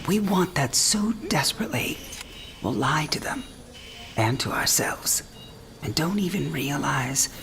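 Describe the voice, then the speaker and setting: A low, breathy dying old mother. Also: animated, unhurried, fairly bright tone, a little hiss or hum, exaggerated voice. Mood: tender. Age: 60s. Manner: breathy, half-whispered, teasing. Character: dying older mother, frank and tender. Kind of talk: video game cinematic acting.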